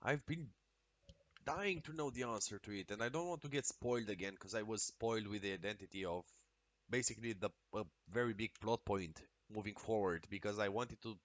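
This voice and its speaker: A man streaming a video game, talking casually and excitably with lots of swearing and exclamations. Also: on the low side, fairly quick, no echo. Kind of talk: casual live-stream commentary while playing.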